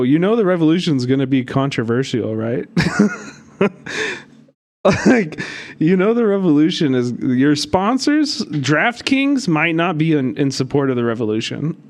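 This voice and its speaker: A man streaming live, reacting to clips with mocking, profanity-laced commentary and frequent laughter. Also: fairly high pitch. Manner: animated, cursing, mocking, laughs often. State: hiccups.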